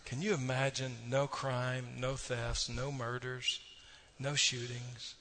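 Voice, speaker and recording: A man's voice: medium pitch, level tone, takes it slowly, pushed and bright. A man preaching a sermon, telling folksy stories and tossing asides to the congregation. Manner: folksy storytelling with audience asides. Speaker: pastor.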